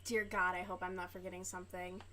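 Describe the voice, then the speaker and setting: A woman's voice: fairly low pitch, level tone, fast, bright, forceful tone. A young woman livestreaming while she crochets, chatting casually and rambling with lots of fillers and swearing. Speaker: livestream host.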